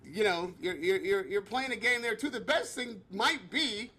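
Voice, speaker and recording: A man co-hosting a casual boxing talk show, animated and repetitive. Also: sits high, normal speed, breathy edge. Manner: animated, repeats himself. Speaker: co-host.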